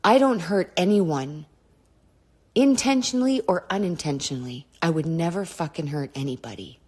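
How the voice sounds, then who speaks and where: A woman's voice: on the low side, expressive, normal speed, darkish tone, breathy edge. Blunt, swearing woman telling her story. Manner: candid and blunt, swears often, digresses. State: clearing her throat often. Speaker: podcast host. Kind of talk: personal storytelling monologue.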